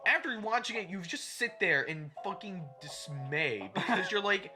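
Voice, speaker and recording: A man's voice: high-pitched, very animated, moderate pace. A male podcast co-host rants his way through a film recap, swearing freely. His voice climbs and drops all over the place. Music plays steadily underneath him. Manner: profane, ranting movie recap. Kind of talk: casual chat.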